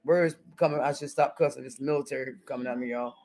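A middle-aged Southern American woman, a YouTuber, chats casually on a live stream while cooking at home, sassy and blunt and cussing freely. Her voice is bass-deep, steady, fast, and a little mellow, and the audio is poor.

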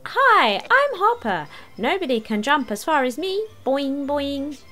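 Woman reading a perky frog-suit guy, high and springy, brags a lot. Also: big pitch swings, slow, bright, forceful tone, full character voice. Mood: bouncy. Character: cheerful young man in a frog suit.

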